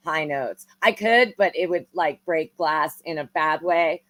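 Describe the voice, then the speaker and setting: A woman's voice: sits low, a little slow, noisy background. A woman co-hosting a live aftershow stream, bantering in an easygoing way. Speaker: guest co-host. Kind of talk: casual live aftershow chat.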